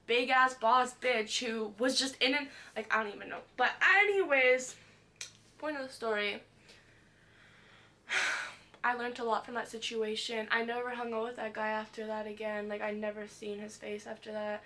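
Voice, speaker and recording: A woman's voice: on the high side, moderate pace. A young woman vlogger telling a wild story from her past in a storytime vlog, full of "like" and swearing, acting out what people said. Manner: fillers "like" constantly, animated retelling, swears.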